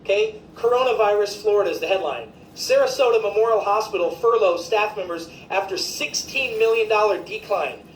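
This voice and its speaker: A woman's voice: medium pitch, a little fast, hardly any pauses. Indignant woman ranting in an echoey room. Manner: indignant, emphatic, repetitive, profane. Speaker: physician commentator. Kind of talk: ranting video commentary. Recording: echoey room, faint background noise.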